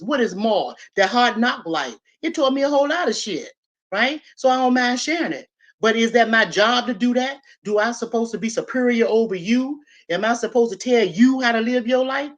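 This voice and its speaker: An older woman talking straight to camera in a casual vlog. She is blunt, swears freely and rambles from point to point. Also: a little high. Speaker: YouTube commentator.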